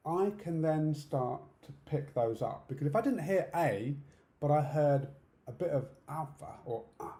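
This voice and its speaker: A man's voice: mid-range voice, lively intonation, moderate pace, mellow. A middle-aged man from the UK with a British accent, giving an online conference talk in a direct, practical way, often checking in with "okay?". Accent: British English. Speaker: conference speaker. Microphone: video call setup. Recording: roomy echo.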